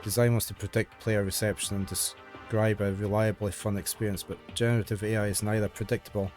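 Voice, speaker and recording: A man with a fairly low voice streams live, reading a visual novel aloud and drifting into casual, rambling asides. Game music plays clearly behind him. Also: level tone, fairly quick, a little mellow.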